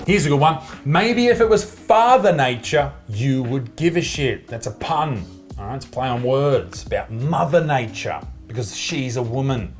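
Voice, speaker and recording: A young Australian man doing comedic commentary, sarcastic and profane as he mocks what he reads. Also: fairly high pitch. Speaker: comedian reviewing social media posts.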